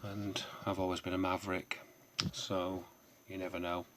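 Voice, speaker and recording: A man with a somewhat low voice chats casually to camera about his sales. He rambles and drifts onto tangents. His talk is peppered with hesitant fillers and self-deprecating remarks. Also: monotone, normal speed, noisy background. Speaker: online seller and vlogger.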